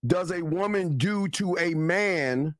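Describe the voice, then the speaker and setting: A man's voice: high-pitched, slow pace, no echo, clean studio sound. A man co-hosting a live talk show, profane and confrontational, talking animatedly to his audience. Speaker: co-host. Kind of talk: heated livestream talk.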